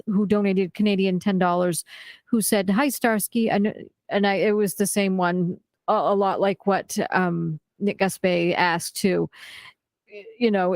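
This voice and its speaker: A woman's voice: medium pitch, a little mellow, dry recording. Woman co-host reading out donations.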